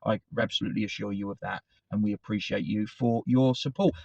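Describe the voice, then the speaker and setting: A man's voice: mid-range voice, no room sound. Chatty man rambling on football. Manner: chatty, digressive, self-correcting. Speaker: football fan channel host. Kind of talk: casual rambling commentary to camera. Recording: dry, slightly dull recording.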